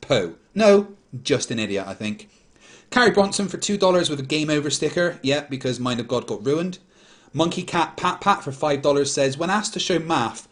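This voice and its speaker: A man hosting a casual livestream, reading super chats aloud in a blunt, dismissive way. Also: on the high side. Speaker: host.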